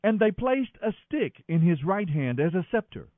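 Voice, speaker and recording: A man doing a daily Bible reading in an expressive, dramatic manner. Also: sits high, moderate pace, dry recording. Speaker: scripture reader. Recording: thin phone-like sound, dry.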